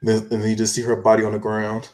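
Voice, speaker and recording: A man's voice: lowish voice, completely flat delivery, quick pace, darkish tone. A man co-hosting a podcast in casual chat, walking through events step by step in a loose, rambling way. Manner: rambling step-by-step recap with restarts. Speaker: podcast co-host.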